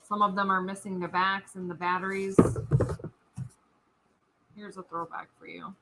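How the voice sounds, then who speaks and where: A woman's voice: medium pitch, level tone, normal speed, heavy background noise. A woman co-hosting a live online auction stream, chatting casually as she describes the lot. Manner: chatty, describes items plainly.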